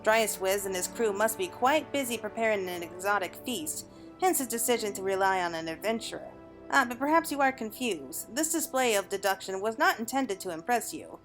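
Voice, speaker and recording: Give me a woman reading a refined, measured blind ex-mercenary who now loves wine, with faint music behind. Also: mid-range voice, lively intonation, a bit bright, natural voice. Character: blind retired mercenary, male wine connoisseur, calm.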